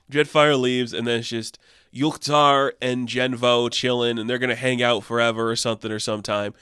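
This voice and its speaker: A man's voice: mid-range voice, flat delivery, moderate pace, a bit bright, clean tone, no room sound, studio quality. A young man casually recapping a comic book issue, rambling with fillers and laughs.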